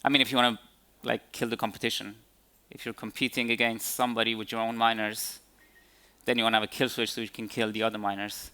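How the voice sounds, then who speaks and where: Male tech speaker at a conference Q&A; bright voice, halting delivery. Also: lowish voice, level tone, clear, resonant tone. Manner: hesitant, many fillers and restarts. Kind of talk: conference Q&A answers.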